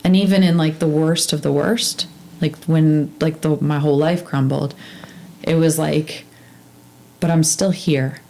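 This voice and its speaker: Low-voiced woman, earnest and halting. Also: steady tone, creaky, dark tone. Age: adult with two daughters. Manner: earnest, halting, many fillers and restarts. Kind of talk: casual heartfelt conversation.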